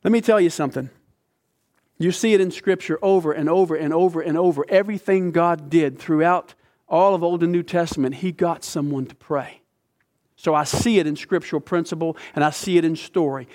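A middle-aged male pastor preaching a sermon, telling a story with passion and dropping from loud to hushed. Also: fairly high pitch, fairly quick.

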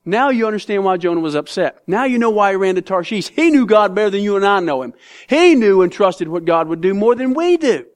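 A man's voice: high-pitched, sing-song, brisk. A man preaching a sermon in an emphatic, conversational way, speaking straight to his congregation.

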